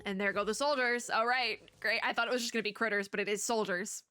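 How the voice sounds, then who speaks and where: A woman streamer with a bright, forward voice talks through a story game, reading lines aloud and trailing off into chatty asides. Her throat sounds strained, and she laughs often between thoughts. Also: fairly high pitch, fairly even intonation, quick pace, clear, resonant tone, no echo. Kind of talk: casual gameplay commentary and reading aloud.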